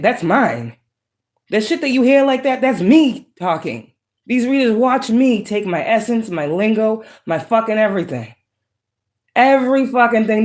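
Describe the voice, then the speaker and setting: A woman's voice: a little high, darkish tone. A woman giving a profane, emphatic, preachy casual monologue as a psychic tarot reader. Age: adult with children.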